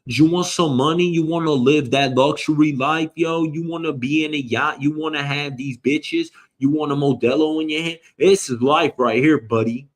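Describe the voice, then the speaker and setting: Middle-aged male comic host with a slightly high voice, loud profane rambling rant. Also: fairly even intonation, normal speed, hardly any pauses. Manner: loud, rambling, swears a lot, mock voices.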